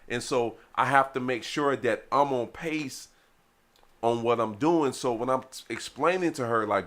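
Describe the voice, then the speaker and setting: A man's voice: mid-range voice, unhurried, a bit bright. A man from Detroit, father of a teenager, co-hosting a podcast in rambling casual talk full of restarts. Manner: rambling, restarts, nudging questions. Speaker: podcast co-host. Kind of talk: casual chat.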